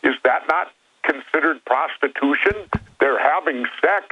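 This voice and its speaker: A man's voice: fairly high pitch, measured pace, breathy edge. Older man speaking over a tinny phone line. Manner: blunt, storytelling. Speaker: guest. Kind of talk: phone interview.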